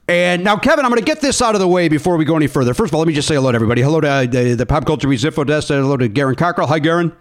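A man hosting a comedy podcast, telling a story in an animated, laughing way in casual interview chat. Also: on the high side, rapid-fire, hardly any pauses. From Illinois. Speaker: podcast host.

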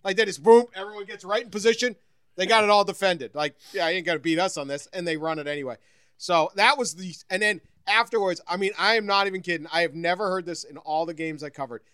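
A man co-hosting a sports podcast, telling lively stories in casual chat and laughing often. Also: high-pitched, quick pace, clean tone, no echo, studio quality. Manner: animated storyteller, laughs often.

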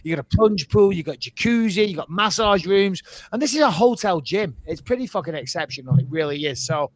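A man co-hosting a podcast, telling an animated story and swearing freely. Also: high voice, fairly quick, dry recording. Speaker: podcast co-host. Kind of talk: casual podcast chat.

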